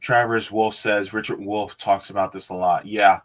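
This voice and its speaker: A man's voice: lowish voice, flat delivery, normal speed. A man hosting a casual livestream, chatting with viewers, reading web pages aloud and laughing easily. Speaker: livestream host.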